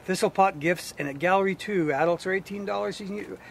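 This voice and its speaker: A man's voice: sits high, fast talker, gravelly, slight background noise. A man from Winnipeg co-hosting a local events show outdoors in the cold, wisecracking with his partner. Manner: wisecracking, playful. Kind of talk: casual outdoor chat, reading event listings. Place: outdoors in cold winter by a road.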